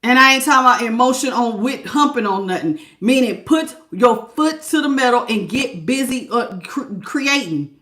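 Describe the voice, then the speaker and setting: A woman's voice: a little high, lively intonation, normal speed, pushed and bright, reverberant. A woman giving a live tarot reading, scolding her listeners with blunt tough love in slangy casual talk and calling them baby. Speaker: tarot reader.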